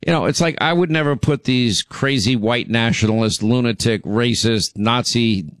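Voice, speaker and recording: A man's voice: mid-range voice, dry recording, clean studio sound. A man hosting a talk radio show, delivering a blunt, indignant monologue full of rambling asides.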